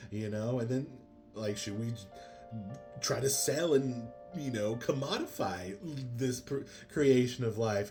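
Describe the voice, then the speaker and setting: A man's voice: mid-range voice, measured pace, a little mellow, soft background music. A man giving a casual spoken movie review, rambling with many fillers and exasperated asides.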